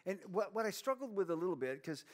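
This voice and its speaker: A man's voice: high voice, big pitch swings, fast. A man preaching a sermon as pastor, joking with himself and reading scripture aloud. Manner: playful, self-mocking, reads scripture aloud. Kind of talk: humorous sermon.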